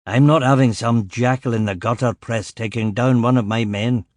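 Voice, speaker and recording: A man doing a gravelly Glaswegian police chief. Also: medium pitch, fairly even intonation, moderate pace, a little mellow, no room sound, studio quality, close to an everyday voice. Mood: stern. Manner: blunt, commanding. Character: gruff imposing older male police chief superintendent.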